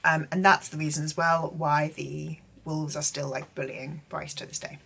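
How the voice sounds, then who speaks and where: Low, bright-toned chatty woman. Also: flat delivery, normal speed, vocal fry, breathy edge. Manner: chatty and gushing, heavy on filler words. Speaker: book vlogger. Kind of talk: casual book recap.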